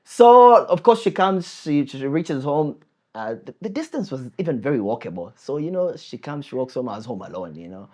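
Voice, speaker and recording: Animated man telling a story. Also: fairly high pitch, normal speed. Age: young adult. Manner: animated, laughing, acts out scenes with sound effects. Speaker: podcast co-host. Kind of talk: casual storytelling chat.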